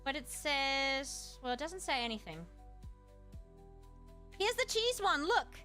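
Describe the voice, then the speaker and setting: A woman streamer in casual chat, reading aloud and musing with quick asides to her chat. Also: high-pitched, sing-song, pushed and bright, faint music behind. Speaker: streamer host.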